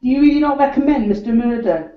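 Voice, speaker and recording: High woman, distant and echoey. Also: fast, muffled recording. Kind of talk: casual live chat.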